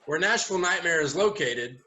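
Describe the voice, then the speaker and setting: Casting: man in a round-table chat, animated storyteller, bright voice, on the high side for a man. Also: brisk, low-quality recording. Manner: animated storyteller, swears and laughs. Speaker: host.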